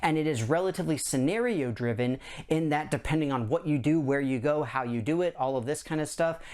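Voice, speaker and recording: A man's voice: on the high side, fairly quick, darkish tone. A middle-aged man hosting a board game channel, chatting through a countdown list in an enthusiastic, rambling way. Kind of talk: casual countdown chat to camera.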